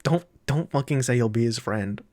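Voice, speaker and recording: Male reaction vlogger, mid-pitched, swears freely and laughs while upset. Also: expressive, moderate pace, darkish tone. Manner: emotional, profane, laughing through frustration. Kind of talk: casual reaction commentary.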